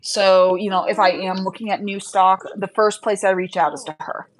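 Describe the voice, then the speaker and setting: Speaking at a moderate pace with medium pitch and fairly even intonation, the young livestream host, who raises rabbits, chats candidly and answers viewer questions with lots of fillers. A little hiss or hum runs through the rough recording.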